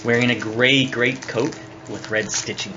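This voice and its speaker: A man narrating a tabletop game as its dungeon master, halting with many ums and uhs. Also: mid-range voice, steady tone, background noise. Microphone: phone on the table. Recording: dull phone recording.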